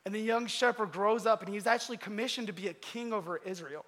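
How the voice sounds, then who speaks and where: A man preaches in a relaxed, slangy storytelling manner. His voice is high and bright, and it rings out with a long hall reverb. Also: fast talker. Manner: animated, slangy. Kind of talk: casual storytelling sermon.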